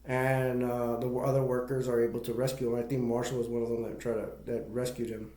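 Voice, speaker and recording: A man's voice: mid-range voice, little pitch movement, quick pace, mellow, roomy sound. A man casually retelling the plot of a movie for a review, rambling with many fillers and restarts.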